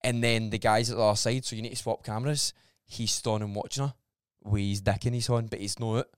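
A Scottish man hosting a casual podcast, telling stories in an animated way and swearing freely. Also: on the low side, fast talker, clean tone, dry recording, clean studio sound. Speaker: podcast host.

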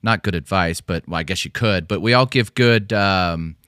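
A man's voice: deep voice, moderate pace, a bit bright, clean tone, dry recording, studio quality. A man co-hosting a casual podcast, telling stories full of fillers and restarts. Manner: rambling storytelling with many fillers and restarts. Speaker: podcast co-host.

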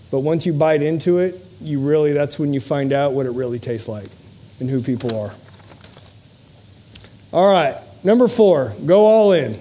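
His voice sits high and sounds warm as he gives an inspirational speech to an audience in the room. The man, who hosts a podcast and speaks motivationally, tells earnest, funny stories from his own life.

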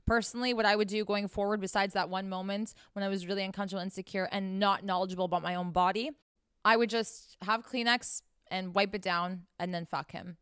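A young woman talks in a frank, casual monologue as host, blunt and full of swearing, addressing her listeners directly. Her voice is smooth and clear at a middle pitch, recorded close and dry with no room sound. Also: fairly even intonation, a little fast, a bit bright, no room sound. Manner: blunt and profane, talks straight to the audience.

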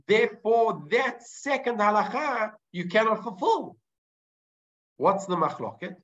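A man leads a Talmud lesson in a fairly high voice. He works through the argument step by step, dropping Hebrew terms into his English and restarting sentences as he goes. The recording sounds dull and lo-fi. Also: expressive, unhurried, fairly bright tone. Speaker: Torah teacher. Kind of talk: Talmud class lecture.

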